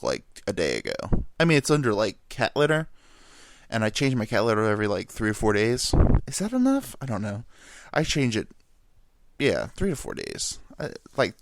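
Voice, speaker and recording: A man in his thirties from New York, telling rambling, crude stories in a casual solo monologue. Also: fairly low pitch. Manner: rambling, animated, crude humor, jumps into silly voices. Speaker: vlogger.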